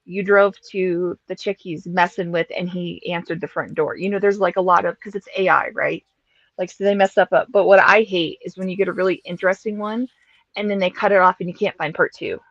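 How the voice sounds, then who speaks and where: A woman's voice: on the low side, steady tone, fairly quick, no echo. A woman hosting a stream, chatting casually in a chatty, emphatic way. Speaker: streamer host. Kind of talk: casual chat. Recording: dull, dry stream mic.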